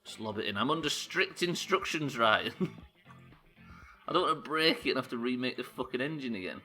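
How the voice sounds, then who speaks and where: Brief: young man, live gameplay streamer, bright tone, swings from muttering to loud outbursts, swears a lot. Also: medium pitch, lively intonation, normal speed, soft background music. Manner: swears often, talks to chat, frustrated outbursts.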